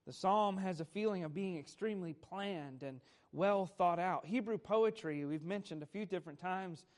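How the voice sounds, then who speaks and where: A man preaching a Sunday morning sermon, teaching at a measured pace, stressing key words and putting questions to the congregation. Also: high-pitched. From America. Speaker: pastor.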